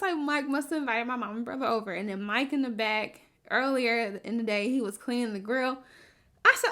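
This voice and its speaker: A woman's voice: high-pitched, normal speed. A woman podcast co-host chatting casually, telling a story with lots of laughter and feeling. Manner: animated storytelling, laughs often. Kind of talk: casual chat.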